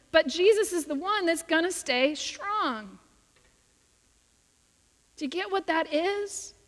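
A woman delivers a sermon in an earnest, emphatic way, her voice sitting high and moving at an unhurried pace. A long reverb trails behind her words, as in a church sanctuary. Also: a bit bright. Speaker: preacher.

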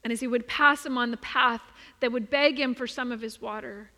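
A woman preacher tells a story during her sermon, expressive and brisk, often letting her voice drop soft for emphasis. Her voice is bright and a bit high, ringing with the long reverb of a large church.

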